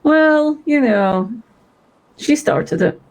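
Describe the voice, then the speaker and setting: A woman's voice: high-pitched, lively intonation, very slow, darkish tone, rough recording. A woman role-playing in a video game, playful and giggly.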